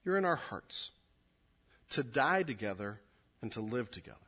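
A man preaching a sermon, moving from quiet, low asides to loud, emphatic readings of scripture. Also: sing-song, normal speed. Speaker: pastor.

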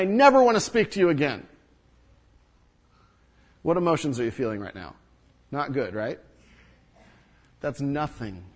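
Preaching to his flock, this male pastor alternates hushed, low stretches with forceful, loud climaxes. Repeated phrases and rhetorical questions run through his sermon.

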